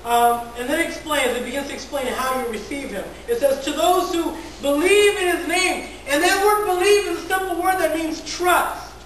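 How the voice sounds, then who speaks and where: A woman's voice: high voice, moderate pace, few pauses, slight background noise. A woman pastor giving a conversational sermon, often repeating words and asking the congregation questions. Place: large echoey church hall. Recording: very echoey church hall from far off.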